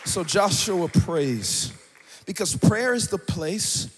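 A man preaching a sermon as pastor, building in chanted call-and-response to shouts. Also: sits high, lively intonation, slow, some chatter behind, slight background noise.

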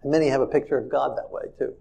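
A man preaching a sermon in an earnest way, shifting from soft and tender to emphatic. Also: medium pitch, fairly even intonation, rapid-fire, gravelly, breathy edge.

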